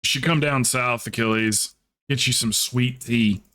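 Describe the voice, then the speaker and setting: A man's voice: medium pitch, steady tone, measured pace, a bit bright. A man from the South, chatting casually and telling rambling stories during a game stream. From Southern United States. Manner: rambling storyteller, lots of "like" and restarts. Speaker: streamer and group leader. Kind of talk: casual chat during gameplay.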